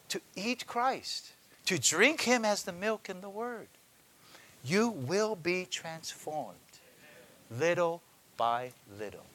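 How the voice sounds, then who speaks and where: A man's voice: a little high, sharp tone. A man preaching a sermon to a congregation, repeating key phrases for emphasis.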